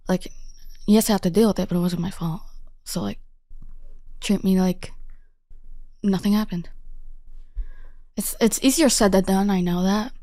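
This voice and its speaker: Mellow-voiced teenage girl, casual guest. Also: medium pitch, normal speed, pauses often, no room sound. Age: late teens. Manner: casual, says "like" often, self-mocking. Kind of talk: casual interview talk.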